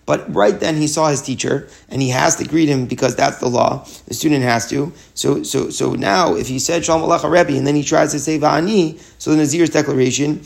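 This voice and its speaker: A man's voice: on the high side, a little fast, creaky, hardly any pauses. A man teaching a Talmud lesson, reading short Hebrew and Aramaic phrases and explaining each in English, often restarting his sentences. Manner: restarts and repeats words while explaining.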